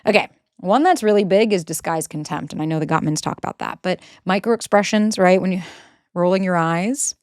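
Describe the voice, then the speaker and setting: A woman's voice: on the low side, fairly quick, dry recording, clean studio sound. Blunt, sarcastic woman giving relationship advice. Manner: blunt, sarcastic, swears freely. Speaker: relationship coach. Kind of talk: casual advice monologue.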